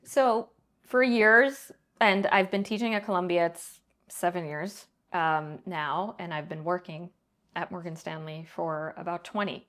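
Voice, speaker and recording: A middle-aged woman answering interview questions in a measured, explanatory way, often pausing to check in with "right?". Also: lowish voice, a bit bright. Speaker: guest, banking leader and professor.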